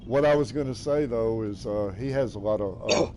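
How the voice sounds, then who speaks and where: An older American man chatting casually while playing a game, with a folksy, halting drawl. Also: fairly low pitch, background noise. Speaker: gaming streamer.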